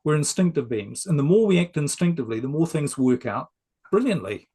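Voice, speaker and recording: Man coaching in a steady, explanatory voice. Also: fairly high pitch, brisk, slightly rough. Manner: explanatory, gently persuasive. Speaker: success coach, guest. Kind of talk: conversational interview.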